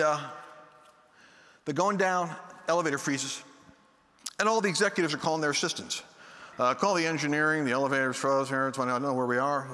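A man preaching a sermon, telling a story in an animated way and acting out the voices of the people in it. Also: high voice, long reverb tail.

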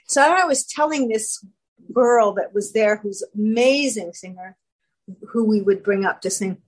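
A woman guest telling her personal story in casual talk, animated and acting out quoted voices. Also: medium pitch, unhurried, poor audio.

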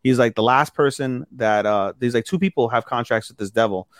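A man's voice: medium pitch, brisk, dry recording. Man animatedly recapping an episode, dry close mic. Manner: animated retelling that acts out characters' lines with lots of "he's like". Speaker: podcast co-host. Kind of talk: casual chat recapping an episode.

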